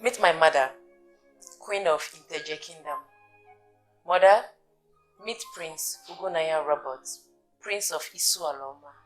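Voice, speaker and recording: A young princess with a Nigerian accent, speaking in a somewhat low, formal, courtly voice. Soft music runs beneath. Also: female voice, measured pace, pauses often. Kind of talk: film drama acting.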